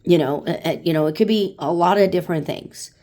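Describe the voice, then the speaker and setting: Woman, late forties, slightly low voice; blunt, swears a lot, mimics customers loudly. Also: a little fast. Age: 40s. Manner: blunt and profane, acts out customers in raised voice. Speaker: vlogger. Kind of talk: casual venting monologue.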